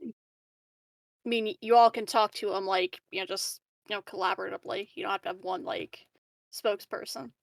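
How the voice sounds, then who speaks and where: A woman's voice: mid-range voice, fairly even intonation, moderate pace, gravelly, no echo. A woman running a tabletop game as game master, giggling through her narration and swearing casually.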